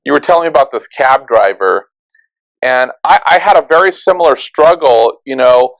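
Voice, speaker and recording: Gravelly-voiced male interview host. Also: mid-range voice, expressive, normal speed, low-quality recording. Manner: reflective, shares own experiences. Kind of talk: conversational interview.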